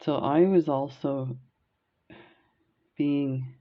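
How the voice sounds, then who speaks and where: A woman's voice: rumbling low, fairly even intonation, extremely slow, dull audio. A woman from Canada who tells stories in a chatty, rambling way while beading, often laughing. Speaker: beading vlogger. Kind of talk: casual storytelling while beading.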